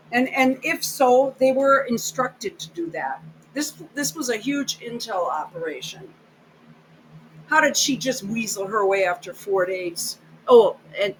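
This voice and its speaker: A woman's voice: mid-range voice, a bit bright, a little hiss or hum, poor audio. A woman giving blunt, sarcastic, profane reaction commentary over video clips as host of her channel.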